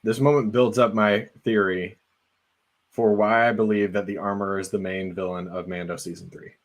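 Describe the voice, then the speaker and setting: A man's voice: lowish voice, level tone, normal speed. A man co-hosting a podcast, earnestly laying out a fan theory at length in casual conversation. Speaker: podcast co-host.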